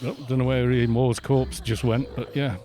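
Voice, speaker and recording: A middle-aged man from Wales with a mixed, softened Welsh accent, chatting casually on a gaming live stream, laughing often and grumbling at other players. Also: mid-range voice, level tone, moderate pace, background noise. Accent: mixed British with softened Welsh. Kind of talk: casual live-stream chat while playing.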